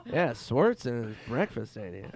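A man telling stories as a guest comedian in casual chat, animated and profane. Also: mid-range voice, a little slow.

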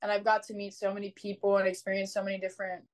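A young woman, a college sprinter, telling her story in an interview, chatty and animated, with many "like" fillers. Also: mid-range voice, racing, rough recording. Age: young adult.

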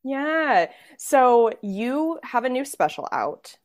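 A young woman hosting a podcast interview in casual chat, enthusiastic and quick to laugh. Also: high voice. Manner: lively, laughs often, enthusiastic. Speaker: podcast host.

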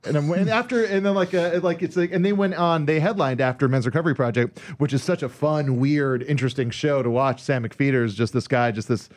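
A man in the host's chair of a podcast talks casually. He rambles and gets excited as he tells his story. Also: fairly high pitch, brisk, few pauses. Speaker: podcast host. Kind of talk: casual chat.

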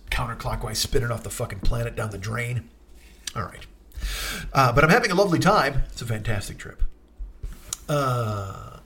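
A man hosting a podcast alone, ranting in a profane, exasperated way and jumping into shrill mock outrage. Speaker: podcast host. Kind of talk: solo comedic rant.

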